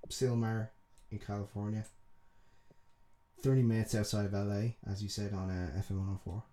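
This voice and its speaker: With a crowd audible behind him, a young Dubliner co-hosts a podcast in a lowish voice that barely shifts in pitch, at normal speed. His easygoing talk wanders, is heavy on curses and often breaks into laughter.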